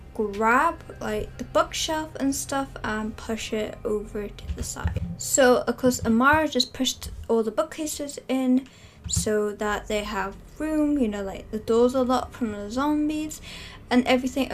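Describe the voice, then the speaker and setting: A woman's voice: fairly high pitch, a little hiss or hum. A woman casually narrating a game story with many fillers. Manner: chatty, filler-heavy with "like".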